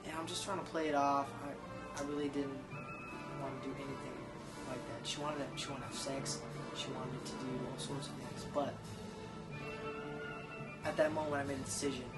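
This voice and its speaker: A man spins a rambling, self-deprecating comic story, swearing freely as he goes. His voice sits at an ordinary middle pitch. Music plays behind him. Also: little pitch movement, moderate pace, pauses often.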